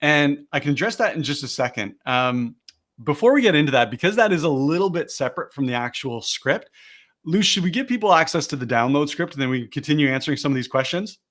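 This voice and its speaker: A man's voice: fairly high pitch, expressive, quick pace, a bit bright. A man leading a live online sales lesson on a video call, explaining each step and then acting out the phrasing he recommends. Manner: explains steps, then models the lines he teaches.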